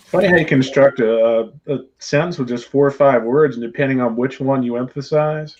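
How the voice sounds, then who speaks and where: A man's voice: medium pitch, fairly quick, slight background noise. A man co-hosting a podcast, chatting casually and reflectively about comics, agreeable with his co-host. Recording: dull lo-fi audio.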